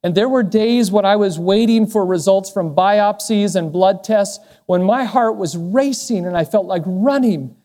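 A man preaching a sermon as a pastor, speaking in a personal, earnest way, with soft, lowered passages. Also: measured pace, hardly any pauses. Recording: long hall reverb.

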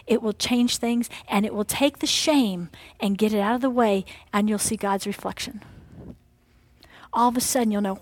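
A middle-aged woman preaching a sermon, animated, dropping to hushed whispers and rising to loud exclamations as she voices the devil and God. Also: on the high side, no echo.

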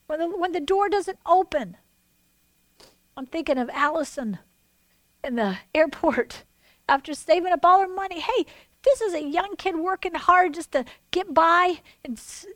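A woman with a high voice preaches a sermon with lots of energy, shifting between loud proclamations and quiet asides while voicing God and other figures in quotes. The recording is close and dry, without any room echo.

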